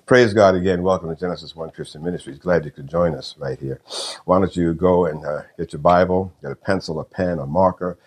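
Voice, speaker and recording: A man who is a pastor, praying and preaching to listeners in a folksy, unhurried way, often pausing with "uh" and repeating phrases. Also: low-pitched, fairly even intonation, darkish tone. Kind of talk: sermon with prayer and storytelling.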